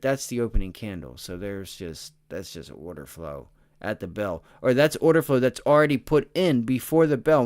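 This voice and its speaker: Excitable low-voiced man doing live chart commentary. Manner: energetic and excitable, swearing, talking to chat. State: tired. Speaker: stock trading livestream host.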